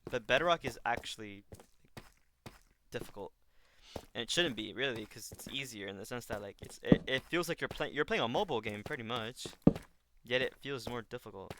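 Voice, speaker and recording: A man's voice: mid-range voice, animated, normal speed. Rambling young man streaming with noise. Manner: rambling, self-correcting, talks while playing. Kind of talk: casual gaming stream chat. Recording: loud background noise with clicks.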